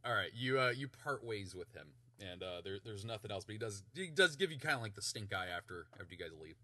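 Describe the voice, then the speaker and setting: Animated, bright-voiced game master. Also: male voice, fairly low pitch, fast, no room sound. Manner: animated, stumbling narration with fillers. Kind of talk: running a tabletop game.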